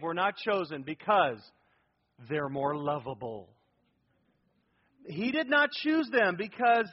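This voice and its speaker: A man's voice: very high voice, lo-fi sound. A male pastor preaching a sermon to a congregation in a church, emphatic and prompting them to fill in words.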